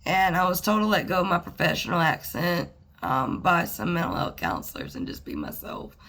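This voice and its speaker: A woman talking to the camera in a personal, reflective monologue, halting and earnest, with pauses and sighs. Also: lowish voice, wildly swooping pitch, creaky, fairly bright tone. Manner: earnest and plainspoken. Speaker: vlogger.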